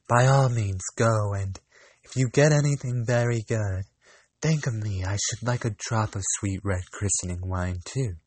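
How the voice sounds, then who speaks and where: A man voicing a small, good-natured, curious mouse in a storybook reading, speaking in a raised, excited, questioning voice. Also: on the low side, a little slow, dry recording. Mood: eager.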